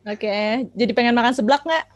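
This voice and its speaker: A woman, a virtual tour guide, talking in a bubbly way over a video call. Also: on the high side. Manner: bubbly, quick to laugh.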